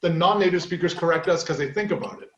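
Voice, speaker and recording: A man from Canada in his forties talks casually as a guest on a chat show, spinning stories. His voice sits on the higher side, and the room around him rings with echo. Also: fairly bright tone, lo-fi sound. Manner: chatty storyteller, does quick voices. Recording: roomy echoey sound.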